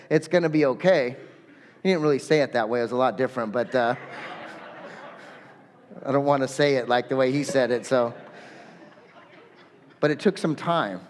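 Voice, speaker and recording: High-voiced male pastor preaching. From Southern California. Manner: conversational, self-deprecating. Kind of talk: sermon. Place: church. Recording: echoey hall.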